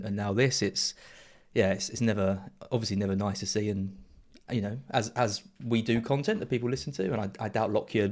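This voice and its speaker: A man co-hosting a casual podcast in a teasing, animated manner. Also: fairly low pitch. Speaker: podcast co-host.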